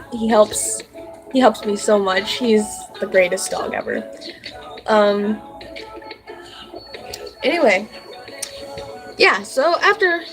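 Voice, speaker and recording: A young woman with a fairly high voice tells a story about her pets, casually and earnestly. She rambles and leans on fillers like "like" and "um". Faint music plays quietly behind her. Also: low-quality recording. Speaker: vlogger.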